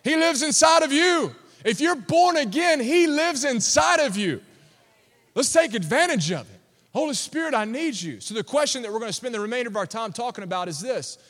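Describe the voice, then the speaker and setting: A man's voice: very high-pitched, animated, fairly quick, a bit bright. A man preaching a sermon to a congregation, emphatic and calling for responses. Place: church sanctuary. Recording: long reverb of a large hall.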